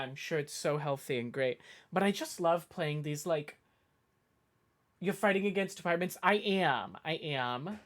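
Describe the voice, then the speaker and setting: Game streamer rambling away, gets excited, keeps cutting themself off mid sentence, mid-pitch voice. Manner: rambling, excitable, self-interrupting. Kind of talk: casual let's-play commentary.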